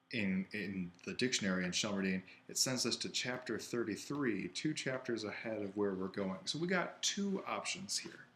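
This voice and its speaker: Low-voiced man teaching Greek exercises. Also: a bit bright, slight background noise, low-quality recording. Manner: thinks aloud, self-correcting. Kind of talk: worked-exercise lesson.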